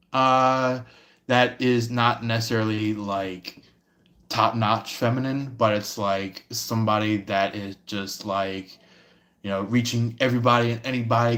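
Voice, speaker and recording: A man giving a casual livestream tarot reading, rambling with many pauses and fillers. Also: medium pitch, a bit bright. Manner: rambling, lots of fillers and restarts.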